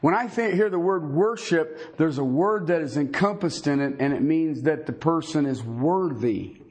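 A man teaching a Bible sermon in a halting, conversational way, with many fillers and folksy asides. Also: a little high, expressive, a little mellow, slightly rough. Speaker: preacher.

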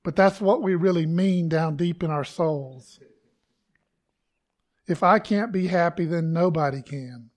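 A pastor with a higher-pitched voice delivers a conversational sermon to his congregation at an unhurried pace. He acts out the lines he quotes, giving them emphasis.

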